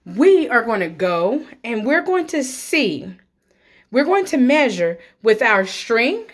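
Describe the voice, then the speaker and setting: A woman teacher speaking slowly and clearly to young children, clapping out names and counting along with them. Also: fairly high pitch, big pitch swings.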